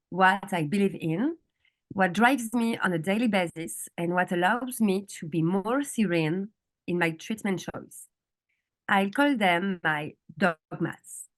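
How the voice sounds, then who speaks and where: A woman dentist giving a conference lecture to colleagues, speaking carefully in a language that is not her first and asking the audience questions. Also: mid-range voice. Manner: speaks a second language with slight slips.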